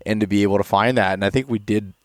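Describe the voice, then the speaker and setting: A young man hosting a podcast, talking in a loose, rambling way with many restarts. He sounds tired and a little stuffed up, and his low voice is smooth and clear. The recording is close and dry. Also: fairly even intonation, rapid-fire, dry recording. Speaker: podcast host. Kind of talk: casual chat.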